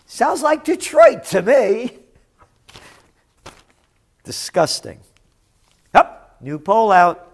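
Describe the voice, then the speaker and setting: Sarcastic, high-voiced man ranting about the news. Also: sing-song, very slow, creaky, pauses often. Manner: mocking, indignant, swings between mutters and shouts. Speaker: news commentator.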